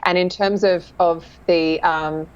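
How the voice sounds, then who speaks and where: A woman's voice: fairly low pitch, steady tone, slow, smooth. A woman dialect coach chatting enthusiastically in an interview, laughing often. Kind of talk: casual interview chat. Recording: dull lo-fi sound.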